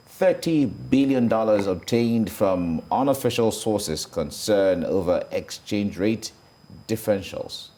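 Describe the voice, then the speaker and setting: A Nigerian-accented man with a very low voice reads out the morning's newspaper headlines. He is measured and deliberate, often repeating each headline a second time. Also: darkish tone. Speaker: news presenter. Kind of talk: newspaper review reading headlines.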